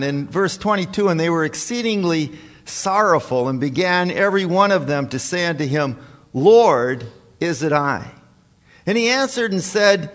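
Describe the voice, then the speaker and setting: Male preacher, unhurried and folksy, stumbling over restarts, voice ringing in a big church. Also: high-pitched, fairly bright tone. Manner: folksy, halting, with many restarts and fillers. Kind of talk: sermon with scripture reading. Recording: long hall reverb.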